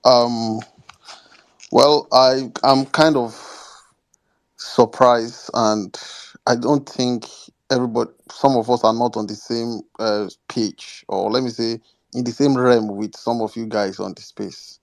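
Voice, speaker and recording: Man, guest on a political chat, measured and slightly hesitant. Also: medium pitch, steady tone, creaky. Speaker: guest speaker.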